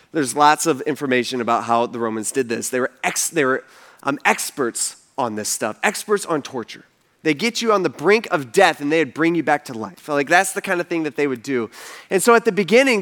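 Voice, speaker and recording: Man, high-pitched voice, storytelling sermon, vivid, animated, casual fillers. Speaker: preacher.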